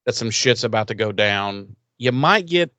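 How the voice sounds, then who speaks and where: A man's voice: mid-range voice, animated, normal speed, bright, forceful tone, no echo. Podcast guy doing a rambly episode recap, cusses a lot, dry close sound. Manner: rambling recap, acts out quotes, swears casually. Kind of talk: casual chat.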